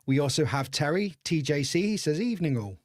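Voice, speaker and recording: A man's voice: on the high side, lively intonation, fairly quick, dry recording. English man, podcast host, casual chat, laughs a lot, dry sound. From England. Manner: chatty, laughs often, shouts out viewers. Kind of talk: casual live-stream chat.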